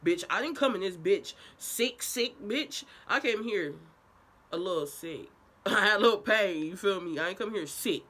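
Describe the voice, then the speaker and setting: A young woman vlogger telling a casual, profane story time in an animated way. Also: mid-range voice, normal speed.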